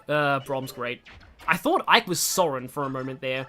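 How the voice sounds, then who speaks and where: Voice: mid-range voice, moderate pace, bright, forceful tone. A young adult streamer giving casual, rambling gameplay commentary, often breaking off mid-sentence. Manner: rambling, chatty, self-interrupting. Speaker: gaming streamer.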